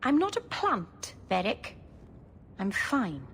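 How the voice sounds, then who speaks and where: An actress playing a sweet, nervous young elf mage in a game, rambling earnestly and putting herself down. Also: female voice, mid-range voice, wildly swooping pitch, takes it slowly, a bit bright, a little hiss or hum, heavily acted. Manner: earnest, self-deprecating rambling.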